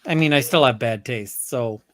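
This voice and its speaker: Deadpan male guest on a dry mic. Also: mid-range voice, moderate pace, dry recording. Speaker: lawyer guest. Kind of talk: casual panel chat.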